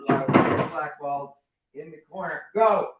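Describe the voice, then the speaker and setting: A man's voice: fairly high pitch, a little slow, very noisy. An older man, a punk band frontman, talking casually as a podcast guest, rambling and often cutting himself off mid-thought. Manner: rambling, self-interrupting, trails off. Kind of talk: casual conversation. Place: at home, dog nearby.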